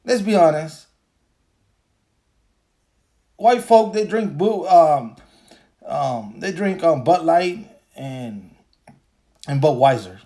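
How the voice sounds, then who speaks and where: Podcast host, male, slow talker with a slightly high voice, loose and profane, repeats points. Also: lively intonation, mellow. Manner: profane, repetitive, laughs while talking. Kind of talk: casual livestream rant.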